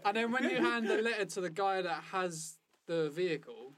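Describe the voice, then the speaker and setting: A man chatting casually about a video game, animated, swearing freely and acting out lines of game dialogue. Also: high voice, moderate pace, a crowd in the background. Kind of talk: casual gaming chat.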